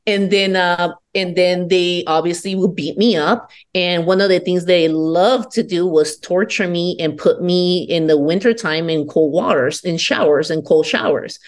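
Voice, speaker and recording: A woman from Peru tells candid stories as a podcast guest, swearing freely and speaking with emphasis. Her voice sits fairly low for a woman, and she sounds defiant. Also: unhurried, few pauses. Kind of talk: candid personal storytelling.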